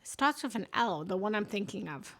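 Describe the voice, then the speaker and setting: A woman's voice: medium pitch, lively intonation, brisk, a bit bright. Chatty woman searching for a word. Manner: chatty, searching for words aloud. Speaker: spiritual coach. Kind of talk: casual chat.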